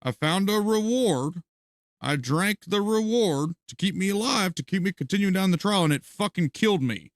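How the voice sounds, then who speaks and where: A man's voice: high-pitched, expressive, normal speed, no room sound. A man streaming a video game, ranting with heavy profanity and bursts of laughter as he comments live.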